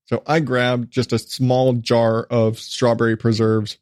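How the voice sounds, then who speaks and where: A man in his thirties hosting a casual podcast, telling a story with lots of laughter and casual swearing, and jumping way up in pitch when he quotes his kids. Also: measured pace, dry recording, studio quality. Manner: animated storytelling, jumps to high-pitched voices when quoting his kids. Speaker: podcast host. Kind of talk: casual solo podcast monologue.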